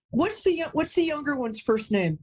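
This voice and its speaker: This psychic medium hosts a live call-in reading in a high voice, chatting away with plenty of emotion. She tends to cut herself off partway through a sentence to say sorry. Audio is poor.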